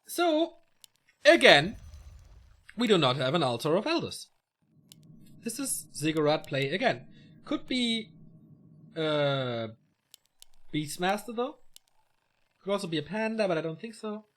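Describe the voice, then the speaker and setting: A male esports caster talking solo over a match. His voice sits a little high and swings up and down a lot as he calls the play. He chats and tosses in joking asides between the action. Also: sing-song, measured pace, pauses often, a bit bright. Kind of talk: solo play-by-play game commentary.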